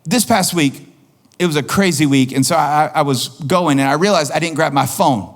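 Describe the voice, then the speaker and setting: A male pastor preaching a sermon in an animated way, acting out quoted voices and repeating lines for emphasis. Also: fairly high pitch, moderate pace.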